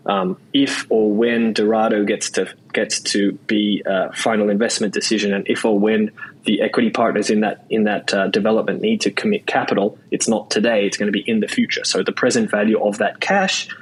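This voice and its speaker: A man's voice: on the low side, flat delivery, slightly rough, poor audio. A man with an Australian accent, a podcast guest talking in a loose, chatty way, with many restarts and repeated words. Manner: quick, loose talk full of "like" and "right?". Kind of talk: casual interview chat.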